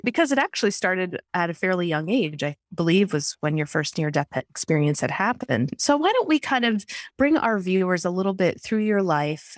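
A woman's voice: lowish voice, no echo, studio quality. A woman hosting a spiritual podcast interview, talking in an enthusiastic, chatty way. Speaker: podcast host.

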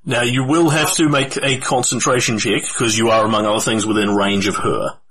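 A man acting as game master, narrating outcomes in a relaxed, matter-of-fact way and laughing often. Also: mid-range voice, fairly quick, slight background noise. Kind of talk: running a tabletop game over voice chat.

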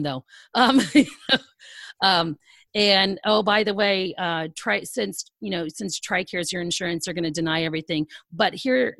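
A middle-aged woman speaks as a podcast guest, slightly low-pitched and recorded dry and close. She tells her story in a lively, laughing way and acts out what others said. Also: dry recording. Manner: animated, laughing storyteller who acts out quoted dialogue. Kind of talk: storytelling in a conversational interview.

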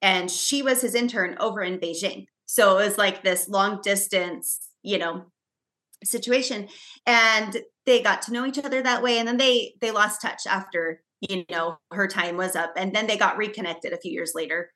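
Woman podcast co-host, bright tone, rambling casual storyteller. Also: medium pitch, moderate pace. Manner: chatty storyteller, frequent fillers and restarts. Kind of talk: casual chat.

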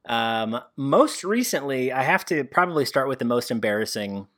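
A man's voice: medium pitch, very animated, normal speed, fairly bright tone. A man co-hosting a casual gaming podcast, joking, self-deprecating and laughing often. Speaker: podcast co-host. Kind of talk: casual chat.

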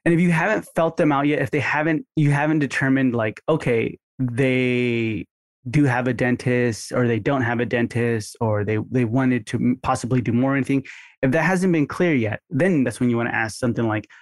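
An energetic man coaches his listeners through a walkthrough, now and then jumping up into bright voices to act out sample phone calls. His voice sits at an ordinary middle pitch. The sound is dry and close. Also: normal speed, no room sound. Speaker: marketing instructor. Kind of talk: coaching lesson with screen walkthrough.

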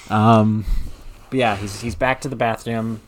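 A man co-hosting a casual film discussion, chatty and quick to laugh. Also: lowish voice, fairly even intonation, slight background noise. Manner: chatty, laughs often, acts out quotes. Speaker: podcast co-host.

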